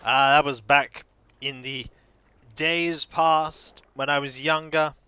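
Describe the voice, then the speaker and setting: A man's voice: a little high, steady tone, slow pace, bright, forceful tone, clean tone. A man streaming a video game, rambling through jokey, self-mocking asides. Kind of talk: casual gaming stream commentary.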